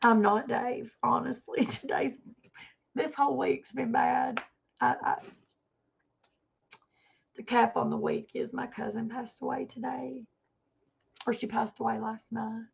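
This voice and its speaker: A woman's voice: fairly high pitch, little pitch movement, a little slow, vocal fry, long pauses, breathy edge, highs cut off. A woman talking earnestly on her own livestream, rambling and repeating herself as she explains things to her viewers. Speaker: livestream vlogger. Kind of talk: emotional personal livestream talk.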